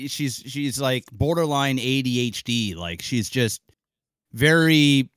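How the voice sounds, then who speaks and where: A man's voice: medium pitch, slow pace, fairly bright tone, clear, resonant tone, dry recording. A man co-hosting a podcast, chiming in casually and swearing as he chats. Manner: laid-back, swearing sidekick who chimes in. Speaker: podcast co-host. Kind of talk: casual chat.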